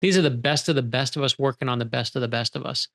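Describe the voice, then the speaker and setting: A man's voice: mid-range voice, quick pace, creaky, fairly bright tone. A middle-aged male author being interviewed, telling stories animatedly and acting out the quoted dialogue. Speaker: author guest. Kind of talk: storytelling interview conversation.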